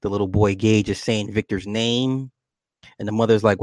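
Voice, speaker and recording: A man's voice: lowish voice, normal speed, dry recording. Casual man animatedly recapping a movie. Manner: animated storytelling, laughs often, acts out characters; swears casually, addresses listener with "right?".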